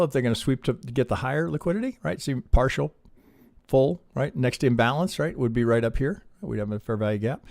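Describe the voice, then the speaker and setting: A man with a gravelly, slightly rough voice walks through trading charts on a live stream. He tosses out rhetorical questions and a steady "right?" as he thinks aloud. His voice sits mid-range and sounds dry and close. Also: mid-range voice, no room sound. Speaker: trading educator reviewing member charts. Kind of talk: live-stream chart review, casual teaching.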